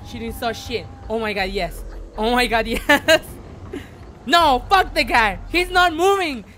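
A man whose first language is Spanish, streaming a game live in English, swinging between excited shouts and quiet muttering, swearing and repeating phrases. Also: very high voice, unhurried, slight background noise. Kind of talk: live gameplay commentary.

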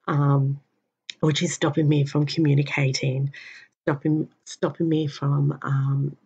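A worn-out woman talks slowly and haltingly to her camera, full of pauses and fillers. Her voice sits low and gravelly, with a husky edge. The recording sounds dull and lo-fi. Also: flat delivery, warm tone. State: tired and in pain. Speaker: vlogger. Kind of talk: personal health update vlog.

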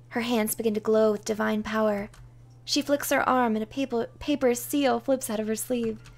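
Soft-spoken woman reading a game aloud. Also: on the high side, steady tone, moderate pace, soft background music. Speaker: game streamer.

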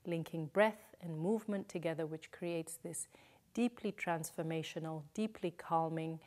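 A woman guiding a yoga class, speaking slowly and soothingly, with some cues whispered. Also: fairly low pitch. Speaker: yoga teacher. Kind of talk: guided yoga instruction.

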